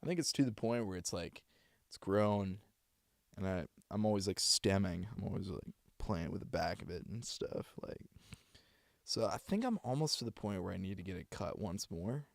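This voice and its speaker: A man's voice: deep voice, lively intonation, moderate pace, vocal fry, no room sound, clean studio sound. A man, a voice actor, chatting with his stream viewers in a loose, rambling way. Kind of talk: casual live-stream chat.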